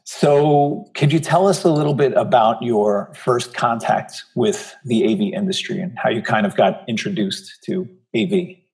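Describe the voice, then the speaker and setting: A man's voice: mid-range voice, measured pace, creaky, darkish tone, poor audio. A man hosting a podcast interview, reading a scripted introduction and then chatting with his guest in a friendly way. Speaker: podcast host. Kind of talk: conversational interview.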